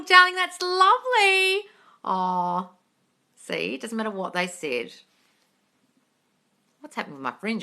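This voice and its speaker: A woman's voice: mid-range voice, sharp tone. A woman answering chat questions on a live stream, blunt and sweary, calling her viewers darling. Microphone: phone on a live stream.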